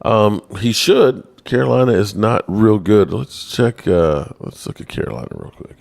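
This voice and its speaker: A man hosting a casual live-stream sports show, reading the chat aloud in a playful, self-mocking way. His voice leaps high when he gets exasperated. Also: very animated, normal speed, vocal fry, darkish tone.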